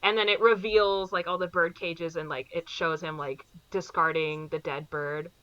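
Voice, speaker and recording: A woman's voice: lowish voice, steady tone, sharp tone, no room sound, muffled recording. A woman co-hosting a podcast, casually recapping a movie plot in a rambling way, full of "like" fillers. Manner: rambling, fills every pause with "like". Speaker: podcast co-host.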